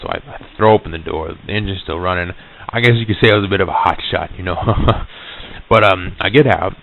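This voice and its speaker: A man telling a story into a tape recorder, halting with many stammered restarts, on an old reel-to-reel tape. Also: sits low, phone-quality sound.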